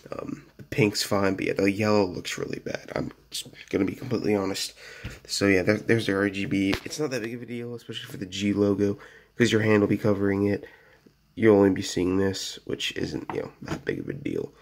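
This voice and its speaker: A man's voice: lowish voice, animated, a little fast, creaky, slight background noise. A man giving a casual, rambling product review at his home desk, full of fillers and "so yeah", recorded on a phone camera. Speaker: gaming gear reviewer.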